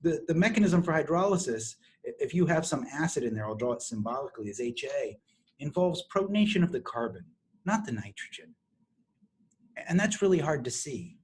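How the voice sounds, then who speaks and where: A middle-aged man lecturing on chemistry to a university class. He explains step by step, restarting phrases and clearing his throat often. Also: a little high, animated, brisk. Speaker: chemistry professor.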